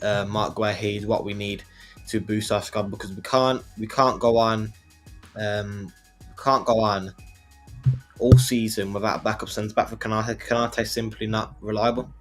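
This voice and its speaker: A man's voice: on the low side, steady tone, moderate pace, faint music behind. A man co-hosting a casual football podcast, talking emphatically and repeating himself. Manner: repetitive, emphatic, restarts often. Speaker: podcast co-host.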